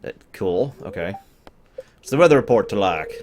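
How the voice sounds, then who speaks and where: A man's voice: medium pitch, sing-song, normal speed, a little hiss or hum. A man streaming a game, giving casual commentary with dry, wry asides. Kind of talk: casual let's-play commentary.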